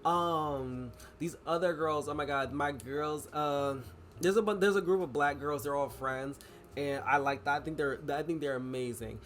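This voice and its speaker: Young male vlogger, casual, rambling, filler-heavy; slightly high pitch. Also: normal speed, a bit bright, slight background noise. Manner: rambling, many "like" fillers and restarts. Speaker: vlogger and writer. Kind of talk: casual vlog chat.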